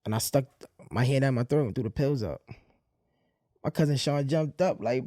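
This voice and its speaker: A man telling a painful personal story in a candid monologue, using blunt street slang and swearing, with halting restarts when the memories get heavy. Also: mid-range voice, mellow, dry recording, clean studio sound. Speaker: podcast host.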